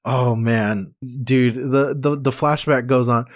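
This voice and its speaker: A man's voice: medium pitch, fairly even intonation, slow pace, dry recording, studio quality. A man co-hosting a podcast, chatting casually about a comic chapter, full of "like" and "dude". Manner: chatty, heavy use of "like" and "dude". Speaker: podcast co-host.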